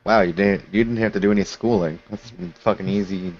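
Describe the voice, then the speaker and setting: Low-voiced male co-host, teasing and stumbling, lo-fi home mic. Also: fairly even intonation, a little fast, a little mellow. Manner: joking, stumbling over words. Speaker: podcast co-host. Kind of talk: casual chat.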